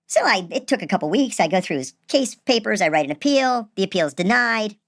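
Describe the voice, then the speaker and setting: A man casually telling a personal story, animated and acting out the people he quotes. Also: high voice, fairly quick, no echo, clean studio sound. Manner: animated, acts out quoted voices.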